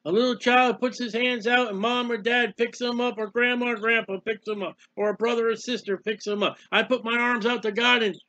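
Male preacher, emotional and repetitive, voicing the psalmist's plea; high, bright voice on a lo-fi recording. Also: fairly even intonation, brisk, few pauses. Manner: emotional, repetitive, speaks as the psalmist in first person. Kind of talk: impassioned Bible sermon. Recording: dull lo-fi recording.

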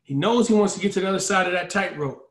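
A man's voice: sits high, fast. A man giving an earnest talk as a guest speaker. He often acts out the voices he quotes and speeds up when stirred. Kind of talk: impassioned talk on a video call. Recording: echoey room.

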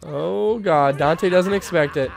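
A young man giving playful, excitable commentary while playing a life-sim game, laughing often. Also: fairly high pitch, slow, vocal fry, slight background noise. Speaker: gaming YouTuber. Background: faint game music.

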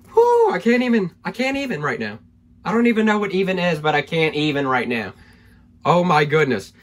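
A man opening trading card packs on camera, excitable and hyped, thinking aloud as he goes and losing his voice. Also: on the high side. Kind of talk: excited pack-opening vlog.

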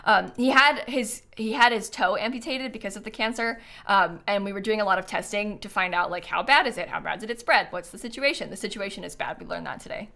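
A woman's voice: mid-range voice, brisk, creaky, hardly any pauses, bright, forceful tone. A young woman streaming a life-sim game live, chatting casually and rambling with many fillers. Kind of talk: casual gameplay commentary.

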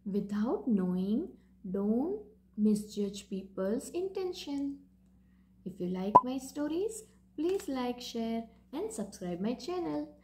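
A woman telling a children's story to young listeners in a slow, sing-song storytelling voice. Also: fairly high pitch, very animated, noisy background. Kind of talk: storytelling for kids.

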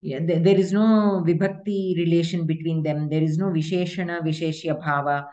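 A woman's voice: lowish voice, fairly even intonation, moderate pace, warm tone, dull audio. A woman teaching Sanskrit grammar in an online class, explaining patiently step by step with examples.

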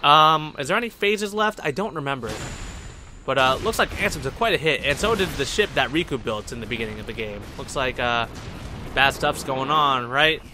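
A man's voice: mid-range voice, expressive, normal speed, background noise. A young man giving casual, rambling let's play commentary, joking and talking back to the characters on screen. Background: game music.

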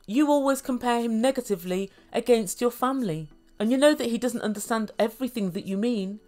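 A woman's voice: fairly high pitch, darkish tone. A woman recapping a reality show, with wry, mocking asides. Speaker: reality TV reviewer. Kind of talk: sarcastic recap commentary.

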